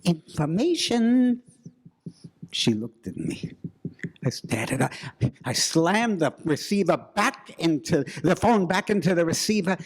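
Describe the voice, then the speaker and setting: A man telling a spooky story live, slow and dramatic with suspenseful pauses. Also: fairly high pitch, expressive, slightly rough.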